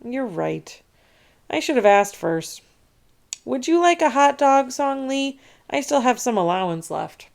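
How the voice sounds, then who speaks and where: A chatty little schoolboy who wanders off, high and quick to stammer out excuses, as a woman plays him. His voice sits well above the reader's own and carries a slight gravelly creak. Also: very animated, exaggerated voice. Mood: sheepish.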